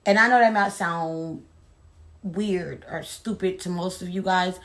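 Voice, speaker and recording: A woman chatting casually to her viewers, retelling a story in an animated, sassy way. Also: lowish voice. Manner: animated, sassy, drawn-out dramatic retelling with asides like "baby". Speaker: storyteller vlogger.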